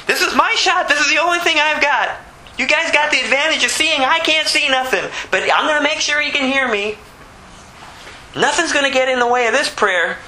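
A man, preaching, voicing a desperate blind beggar man who cries out and pleads loudly. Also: very high-pitched, lively intonation, a little fast, a little hiss or hum, voice pushed up, full character voice, low-quality recording. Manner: pleading, shouting, insistent.

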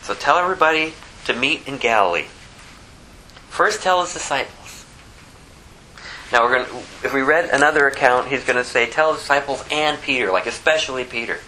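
A man preaching a sermon, explaining scripture verse by verse. He swings between loud, emphatic high peaks and low, quiet asides. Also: a little fast, slight background noise, rough recording. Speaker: pastor.

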